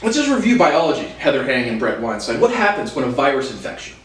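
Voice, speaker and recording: A man's voice: mid-range voice, very animated, quick pace, fairly bright tone. Profane ranting man, roomy and distant. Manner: profane, angry and insulting; repeats and restarts phrases. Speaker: video host. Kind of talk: ranting monologue to camera. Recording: roomy sound from a distant mic.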